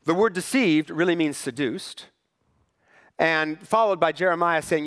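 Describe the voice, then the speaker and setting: A pastor preaching a sermon in church, conversational and wry, with rhetorical questions to the congregation. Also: male voice, fairly high pitch, unhurried, fairly bright tone, in a large hall. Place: church sanctuary.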